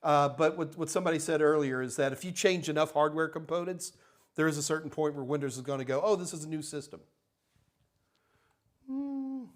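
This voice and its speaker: A man's voice: a little high, lively intonation, quick pace. An older man hosting a live tech Q&A, answering chat questions in a blunt, emphatic, ranting way. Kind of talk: live Q&A stream.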